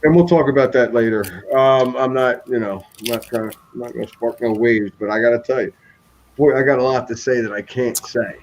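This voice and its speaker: A man hosting a live stream and telling a long story in casual chat, rambling and animated, with frequent restarts. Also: medium pitch, a little fast, a little hiss or hum, poor audio.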